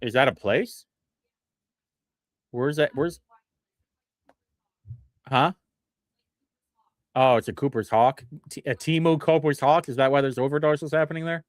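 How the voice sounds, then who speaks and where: A male livestream host who reads bill text aloud and mocks it in casual commentary, chuckling often, with big swings in pitch. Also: measured pace, pauses often, no echo, studio quality. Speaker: livestream host reviewing state bills.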